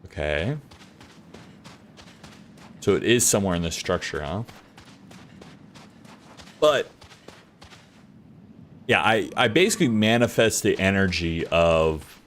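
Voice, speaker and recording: A man's voice: low voice, measured pace, long pauses, a little hiss or hum. A man streaming a video game from his home office, chatting casually with many fillers and the odd swear. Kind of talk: casual live-stream chat while gaming.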